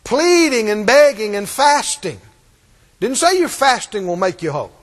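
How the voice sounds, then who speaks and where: A man preaches with a strikingly high, animated voice, hammering phrases through repetition and asking the congregation to answer back. His pitch swings widely as he presses each point. The sound carries a long reverb from a large hall. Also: normal speed. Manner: emphatic, repetitive, call-and-response. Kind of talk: sermon.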